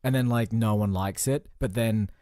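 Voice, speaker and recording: A man's voice: fairly low pitch, normal speed, dark tone, no echo, clean studio sound. A man co-hosting a casual comedy podcast, rambling through absurd made-up stories with a joking manner. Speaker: podcast co-host.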